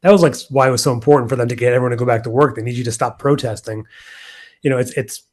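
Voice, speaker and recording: A man's voice: medium pitch, racing, darkish tone. A man in casual podcast chat, hesitant and thinking aloud.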